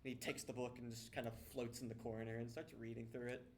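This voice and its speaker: A man's voice: medium pitch, fast talker, slight background noise. A young man narrating as game master of a tabletop game, talking casually and laughing often. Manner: casual, laughs often, lively voices for characters.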